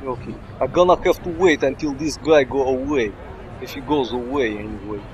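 A man commentating casually on his gameplay in broken English, bursting into excited shouts. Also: mid-range voice, moderate pace, highs cut off, a little hiss or hum. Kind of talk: casual let's-play commentary.

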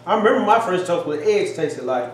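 Man, excitable, folksy, home kitchen, slightly high pitch, faint background hum. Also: fairly quick. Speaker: cooking channel co-host. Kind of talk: casual taste-test chat. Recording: echoey kitchen, faint ambience.

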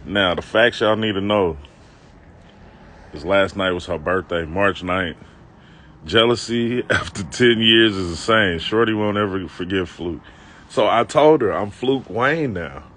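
A man's voice: sits low, measured pace, a bit bright, a little hiss or hum. A man telling a comic story from his own life to a live-stream audience, loose and slangy, with self-mocking asides to his viewers. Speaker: comedic vlogger telling a story. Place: outdoors on a city street.

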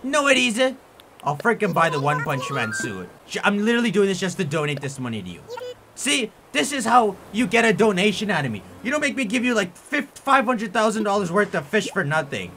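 Excitable young man ranting over gameplay. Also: high-pitched, brisk, a little hiss or hum. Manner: excitable, exaggerated frustrated rants. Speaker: gaming YouTuber. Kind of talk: let's play commentary.

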